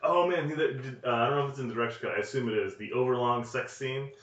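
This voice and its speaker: A man's voice: medium pitch, fast talker, fairly bright tone. A man co-hosting a podcast in casual chat about a movie, hedging his points and laughing often. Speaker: podcast co-host. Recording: echoey room, dull lo-fi sound.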